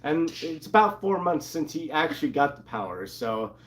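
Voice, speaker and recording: A man casually recapping a comic book with a co-host, animatedly acting out the characters' lines. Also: moderate pace. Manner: animated, acts out quotes in excited higher voices.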